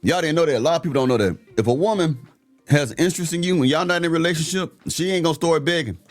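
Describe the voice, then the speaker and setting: A man's voice: on the high side, quick pace. Blunt, slangy man ranting over faint music. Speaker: host reacting to clips. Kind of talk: opinionated commentary rant.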